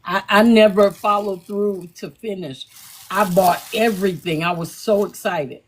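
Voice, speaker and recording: A woman joins a live book discussion. Her voice is husky and sits at a middle pitch. She talks candidly and agrees readily. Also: steady tone, unhurried, poor audio.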